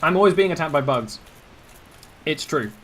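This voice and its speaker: A man's voice: a little high, animated, moderate pace, a little hiss or hum. A man with an English accent giving casual, rambling live commentary while playing a game and chatting with viewers. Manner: rambling, chatty asides to chat. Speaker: streamer.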